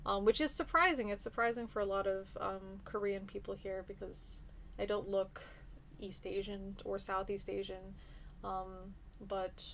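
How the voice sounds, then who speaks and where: A woman's voice: mid-range voice, vocal fry, a bit bright, slight background noise. Chatty New woman streaming. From New Zealand. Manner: chatty and hesitant, many ums and restarts. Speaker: livestream host. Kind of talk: casual livestream chat answering viewer comments.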